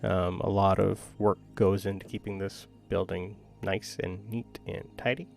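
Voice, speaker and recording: A man's voice: low-pitched, flat delivery, a little slow, creaky, darkish tone, soft background music. A man running a tabletop game as game master, describing scenes casually with frequent ums.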